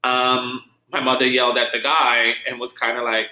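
A man's voice: medium pitch, completely flat delivery, moderate pace, hardly any pauses, sharp tone. A man from Saint Vincent with a light Vincentian accent, hosting a casual solo podcast and telling a story animatedly, swearing freely. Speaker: podcast host. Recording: roomy echo.

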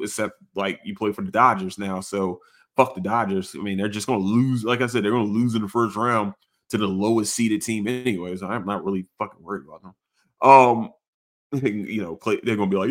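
A man hosting a casual sports podcast, rambling and swearing, jumping into sudden high excited outbursts. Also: moderate pace. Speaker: podcast host.

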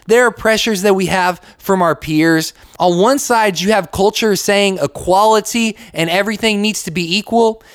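A man's voice: sits high, a bit bright, dry recording, clean studio sound. A young man from the United States talking casually as a Christian podcast host. He uses lots of "like" fillers and acts out little quotes as he goes. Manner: conversational, with many "like" fillers and acted-out quotes. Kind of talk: casual faith podcast talk.

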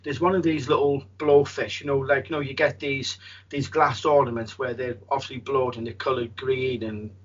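A medium with a husky voice, telling a story in a rambling way, with many restarts. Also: male voice, medium pitch, flat delivery, normal speed, dull audio. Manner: rambling, frequent restarts and fillers. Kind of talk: storytelling in an interview.

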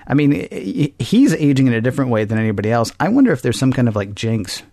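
A man's voice: mid-range voice, very animated, quick pace, warm tone, no room sound, clean studio sound. A man from Tennessee co-hosting a podcast in casual discussion, rambling and joking with frequent laughs and restarts. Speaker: podcast co-host.

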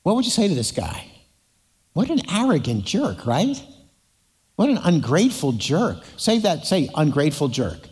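A man with a fairly high voice delivers a sermon, retelling stories and acting out their characters while drawing the congregation in. His voice rings with a long hall reverb, as if from a church sanctuary. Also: wildly swooping pitch, a little slow, long pauses, a little mellow, slightly rough. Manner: storytelling with acted voices and audience prompts. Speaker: pastor.

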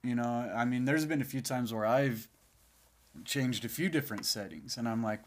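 A man's voice: medium pitch, moderate pace. A man hosting his own podcast in a casual, rambling monologue, sleepy and yawning, swearing freely now and then. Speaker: podcast host.

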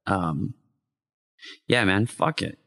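Man co-host, lowish voice, laid-back, swears, anecdote-teller. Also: slow pace, a bit bright. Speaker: podcast co-host. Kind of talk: casual chat.

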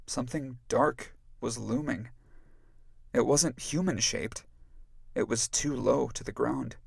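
Male audiobook narrator, slow and gravelly, dry close sound. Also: mid-range voice, no echo. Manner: measured, even storytelling. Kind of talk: scripted narration.

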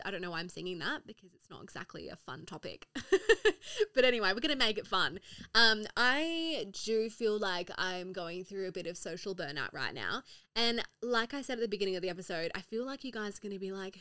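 A woman's voice: mid-range voice, a little fast, pushed and bright, clean tone. A young woman hosting her own podcast in casual solo chat, swearing freely, laughing often and filling her talk with "like.". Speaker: podcast host. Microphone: own podcast mic.

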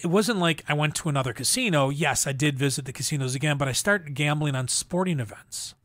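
A middle-aged man telling his personal testimony as an interview guest, in an earnest, halting way with frequent restarts. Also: on the high side, fairly bright tone, no room sound. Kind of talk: emotional personal story in a faith interview.

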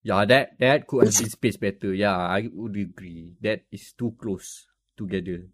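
A man with a Malaysian English accent co-hosting a casual gaming podcast, relaxed and giving advice. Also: fairly low pitch, measured pace, a little hiss or hum. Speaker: podcast co-host. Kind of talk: casual chat.

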